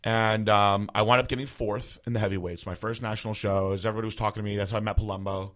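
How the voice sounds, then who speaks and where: A man's voice: fairly low pitch, fairly even intonation, quick pace, a bit bright. A man in his thirties telling a personal story in a casual, rambling way, full of fillers. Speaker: podcast host.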